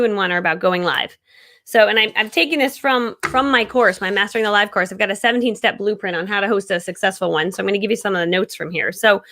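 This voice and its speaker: Hosting a live-stream coaching session, a woman in her thirties talks in a medium-pitched, creaky voice. Her manner is casual, loud and full of energy, with frequent laughter.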